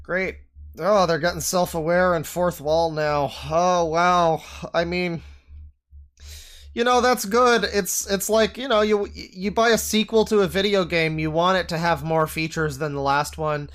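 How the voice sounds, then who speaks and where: A man's voice: high-pitched, steady tone, unhurried, a bit bright, clear, resonant tone. A man streaming from a home setup with a desk microphone, reacting to videos with exasperated, sweary ranting. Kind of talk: live-stream reaction commentary.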